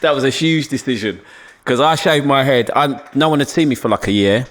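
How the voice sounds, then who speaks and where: Animated London man telling stories. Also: medium pitch, a little fast. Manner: animated, laughing, swings into voices. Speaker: guest. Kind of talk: casual storytelling chat.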